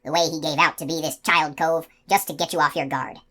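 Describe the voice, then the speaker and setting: A woman voicing a gruff giant male outlaw who talks in a broad country dialect. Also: deep voice, fairly even intonation, brisk, fairly bright tone. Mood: gruff, scheming.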